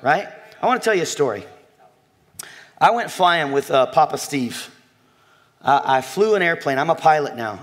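Speaking in a slightly high voice, a pastor delivers a sermon full of jokes and animation, telling a story and talking straight to the people in the pews.

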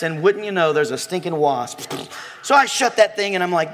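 A man preaching a sermon to a congregation, animated and joking, telling a story and talking directly to his listeners. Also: high-pitched, normal speed, slight background noise. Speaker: pastor.

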